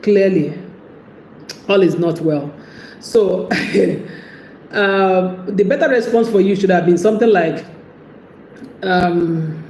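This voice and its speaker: Chatty woman with a mellow voice. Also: on the low side. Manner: chatty, laughs often, acts out quoted lines. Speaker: relationship advice host. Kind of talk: casual advice talk. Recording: echoey room with faint background noise.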